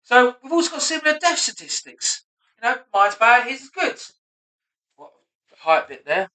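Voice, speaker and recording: Thirties comic running his set alone, high and bright, self-mocking asides, recorded roomy from a distance. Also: big pitch swings, normal speed. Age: 30s. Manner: self-mocking, sweary, muttering asides between punchlines. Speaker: stand-up comedian. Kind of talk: rehearsing a stand-up set aloud.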